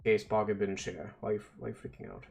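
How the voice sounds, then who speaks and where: A man's voice: lowish voice, fairly even intonation, fast talker, creaky, faint music behind. A man on a casual stream, muttering and swearing at his code as he debugs, then explaining it step by step. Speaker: vtuber streamer. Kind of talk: casual coding stream talk.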